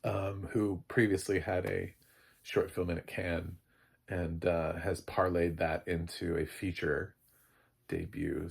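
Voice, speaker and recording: Low gravelly guy reviewing a movie, rambly, lots of uh and um. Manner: rambling, self-amused, frequent fillers. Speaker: film critic. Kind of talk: casual spoken film review.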